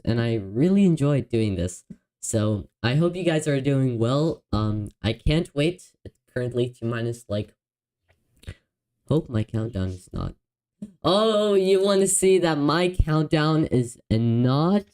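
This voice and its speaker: A man hosting a live stream in casual chat, excitable and apologetic, often stumbling over his words and laughing. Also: mid-range voice, poor audio. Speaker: livestream host.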